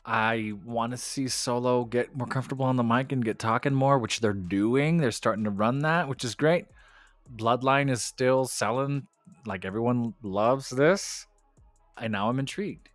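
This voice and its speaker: A man co-hosting a wrestling podcast in casual chat, opinionated and animated, laughing often. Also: medium pitch, moderate pace, no room sound, soft background music.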